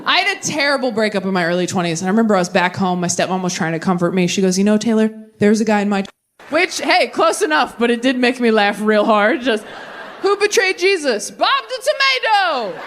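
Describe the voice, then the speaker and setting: A woman in her thirties doing a stand-up set on a stage, brash and profane, with quick self-mocking asides and crowd work. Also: a little high, big pitch swings, a bit bright. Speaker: stand-up comedian. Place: comedy stage before a live audience.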